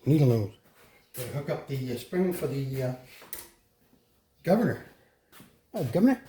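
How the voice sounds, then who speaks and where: Man, workshop vlog host, chatty, talks to viewers as he works, lively up-and-down pitch, warm mellow tone. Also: normal speed, slight background noise. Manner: chatty, talks to viewers while working, self-correcting. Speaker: host fixing a lawn mower. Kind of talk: casual workshop vlog narration. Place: home repair shop.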